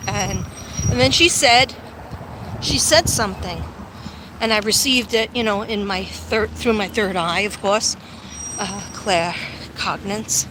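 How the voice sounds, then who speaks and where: A woman's voice: medium pitch, a little slow. Chatty woman vlogger, meandering outdoor walk-and-talk into a phone, light traffic hum. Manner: rambling, chatty storytelling with many ums. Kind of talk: casual walking livestream chat. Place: outdoors, walking in sun.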